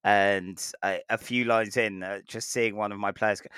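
A man's voice: fairly low pitch, fairly even intonation, normal speed, fairly bright tone, clear, resonant tone, no room sound. A young British man co-hosting a podcast in casual chat, laughing easily and making fun of himself. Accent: British English. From Britain. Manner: laughs easily, self-deprecating. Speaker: podcast co-host.

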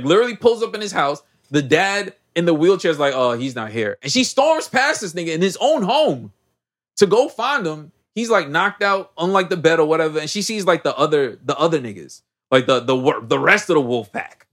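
A man with a slightly high voice recaps a movie on a podcast, talking loosely and full of slang. He keeps slipping into quick impressions of the characters as he tells the story. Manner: animated slangy storytelling, acts out characters' lines. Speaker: podcast co-host. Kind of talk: casual movie recap chat.

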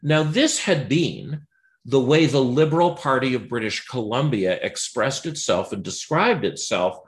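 Male commentator, mid-pitched, dry wit, loose filler-heavy delivery. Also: lively intonation, measured pace. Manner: wry, digressive, many ums and uhs. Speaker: political commentator. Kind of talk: unscripted political commentary monologue.

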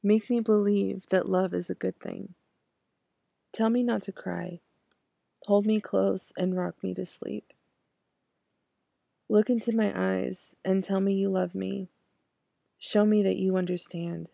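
A woman in her thirties recites poetry in a slow, measured way, her voice heavy with vocal fry. Her tone is dark and mellow, and the recording is dry and close with no room sound. Between poems she speaks in hesitant asides. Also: medium pitch, no echo. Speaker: podcast host. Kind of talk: poetry recitation and personal commentary.

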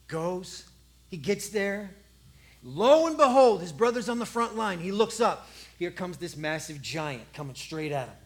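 Animated, jokey storytelling preacher. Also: mid-range voice, moderate pace. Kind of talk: comic sermon storytelling.

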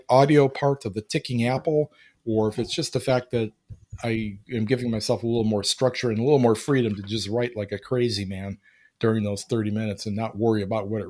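A man co-hosting a writing podcast, talking in a thoughtful, unhurried way and searching for words. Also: fairly low pitch, steady tone, darkish tone. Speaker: podcast co-host. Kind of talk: casual chat.

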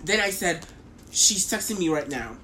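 A young woman co-hosting a podcast, telling a story in casual chat with animated, profane ranting. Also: on the low side, moderate pace, a little hiss or hum. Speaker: podcast co-host.

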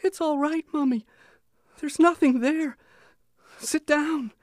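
Man voicing a little boy, high voice, pleading, gentle. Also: takes it slowly, dry recording, studio quality. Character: little boy calming his mother, young, gentle.

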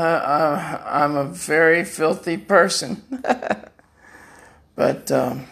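Older man in pain, rambling monologue from home; gravelly, raised pitch. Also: fairly bright tone. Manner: rambling, repeats words, laughs at own jokes. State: in chronic pain. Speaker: podcast guest. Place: room at home.

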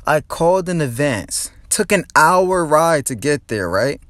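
A man's voice: on the high side, very animated, a little slow, a bit bright, dry recording. A young man from New Jersey, a comedian hosting his own podcast, ranting heatedly and with lots of profanity from his car. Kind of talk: angry ranting podcast monologue.

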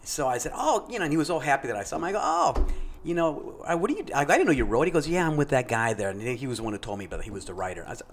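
Lively middle-aged man telling a story. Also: mid-range voice, very fast, slight background noise. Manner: animated, acts out quoted voices. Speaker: podcast co-host. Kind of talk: casual storytelling.

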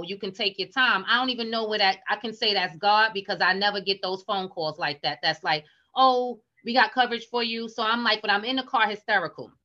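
A woman's voice: mid-range voice, bright, forceful tone, muffled recording. A middle-aged woman telling a personal story candidly and openly, often repeating herself. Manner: emotional, vulnerable, repeats herself. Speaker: guest sharing personal story.

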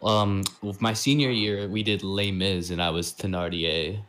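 A man's voice: low voice, steady tone, a little slow, a bit bright. A young man chatting casually with friends, laid-back, dropping "like" into almost every sentence. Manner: laid-back, says "like" a lot, laughs easily. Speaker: musician and co-host. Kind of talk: casual chat among friends.

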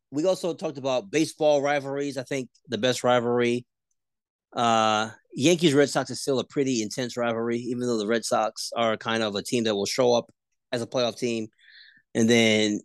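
A man co-hosting a casual sports podcast, debating rivalries and jumping high in pitch when he argues. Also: no room sound. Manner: animated, pitch jumps high when arguing.

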